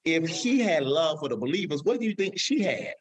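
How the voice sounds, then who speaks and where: A man's voice: fairly high pitch, big pitch swings, a little fast, husky, dry recording. A man hosting a live show, emotional and preacher-like, repeating his phrases for emphasis. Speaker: show host.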